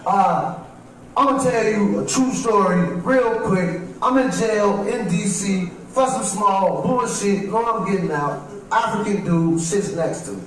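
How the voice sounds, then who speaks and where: A man's voice: sits high, measured pace, slight background noise. A man from Chicago, a comedian telling profane street stories on a livestream. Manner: profane, streetwise, repeats "you know what I'm saying". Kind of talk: livestream stand-up storytelling. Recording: very echoey, far from mic.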